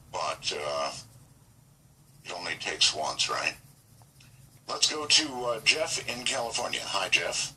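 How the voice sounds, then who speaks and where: A radio host speaks in a lowish, very bright voice with a lively rise and fall. His remarks are measured and deliberate. He sounds a little distant, with faint hiss behind him. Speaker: radio talk show host. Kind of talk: late-night call-in radio talk.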